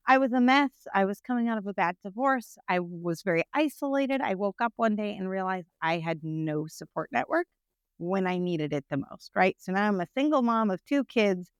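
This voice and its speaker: A woman, a nonprofit founder, telling her personal story to an interviewer in a frank, animated way, often checking in with "right?". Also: mid-range voice, moderate pace, smooth, no echo.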